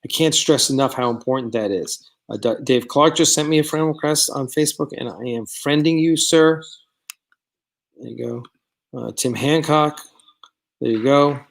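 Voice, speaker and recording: A man's voice: mid-range voice, a little slow, gravelly. A man hosting a live stream, chatting casually with viewers in a rambling way, with many fillers, and reading out their comments. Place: studio set of a starship bridge.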